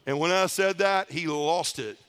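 Animated high-voiced middle-aged storyteller man. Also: moderate pace, clear, resonant tone. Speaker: conference speaker. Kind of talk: storytelling testimony talk.

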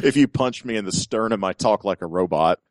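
A man with a very deep voice co-hosts a casual comics podcast in a dry, close-miked sound. He talks loudly and makes dry jokes. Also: lively intonation, normal speed, dry recording. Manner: loud, dry, joking. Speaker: podcast co-host.

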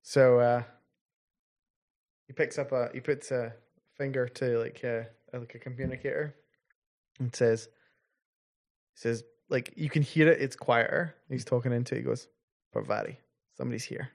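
Male game master, mid-pitched, halting narration full of restarts, tabletop session. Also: steady tone. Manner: halting, many restarts and fillers.

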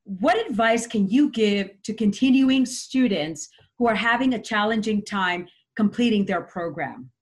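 A woman interviewer asking questions and affirming the guest, gently emotional. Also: mid-range voice, expressive, a little slow, few pauses.

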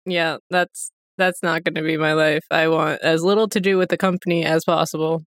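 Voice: medium pitch, level tone, normal speed, fairly bright tone, no echo. A podcast co-host making dry, casual remarks in chat.

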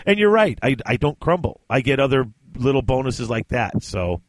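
A man's voice: mid-range voice, very animated, moderate pace, no echo. A man co-hosting a casual podcast chat, talking animatedly and laughing often, with frequent restarts. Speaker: podcast co-host. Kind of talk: casual chat about tabletop wargaming.

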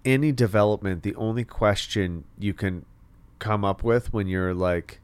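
A man's voice: lowish voice, a little slow, clear, resonant tone, dry recording. A man co-hosting a podcast in casual conversation, frank and reflective, swearing casually. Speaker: podcast co-host.

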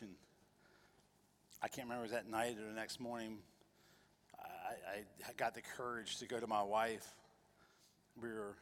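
A man's voice: lowish voice, flat delivery, moderate pace, pauses often, a bit bright, big-room sound. Earnest male pastor telling a story. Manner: earnest storytelling, repeats himself. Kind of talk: sermon testimony.

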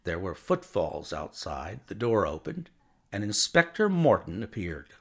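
Man, audiobook narrator, low voice, lively pitch, expressive. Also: a little slow. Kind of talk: scripted narration of a classic story.

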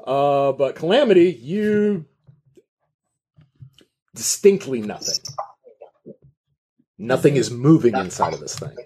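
A man's voice: medium pitch, lively intonation, slow, long pauses, dark tone, slight background noise. A man running a tabletop game as game master, laid-back and chuckly as he narrates.

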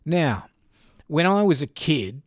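A man's voice: fairly high pitch, very animated, slow pace, no echo, studio quality. A man with an Australian accent hosting and narrating a true crime podcast in a conversational way, with joking asides. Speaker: podcast host.

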